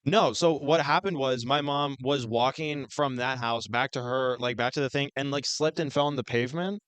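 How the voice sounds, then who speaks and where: A young man hosting a podcast, telling a story in an animated, profane rant. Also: mid-range voice, normal speed, clean tone, dry recording. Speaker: podcast host. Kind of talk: casual storytelling chat.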